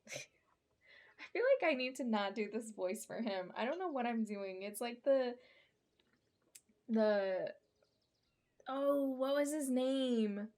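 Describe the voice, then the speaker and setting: A woman's voice: fairly high pitch, slow, pauses often, a little mellow. A young woman thinking aloud and chatting while playing a video game on stream. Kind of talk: let's play commentary.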